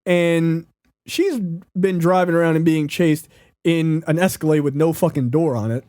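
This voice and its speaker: Higher-voiced man in profane podcast banter. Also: dry recording, clean studio sound. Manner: profane, animated, acts out scenes in quick impressions. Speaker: podcast co-host. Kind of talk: casual movie-review banter.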